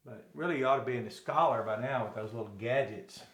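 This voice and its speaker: A man's voice: medium pitch, quick pace. Man from Arkansas, classroom Greek teacher, rambling and self-correcting, echoey room. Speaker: Bible teacher.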